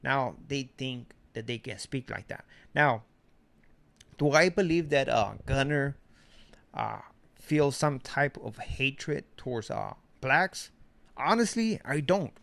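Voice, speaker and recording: A man's voice: mid-range voice, expressive, slow, gravelly, a bit bright. A middle-aged man from Mexico giving a blunt, slangy commentary monologue. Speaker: commentary streamer.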